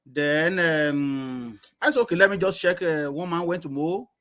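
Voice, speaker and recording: A man, a guest on an online discussion, talking loudly and casually. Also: on the high side, unhurried. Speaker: guest panelist. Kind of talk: casual chat.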